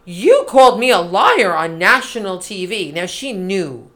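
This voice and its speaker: A middle-aged woman co-hosting a podcast, talking in an animated, emphatic, casual way. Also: mid-range voice. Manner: animated, emphatic, quick asides. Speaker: podcast co-host. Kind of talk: casual political chat.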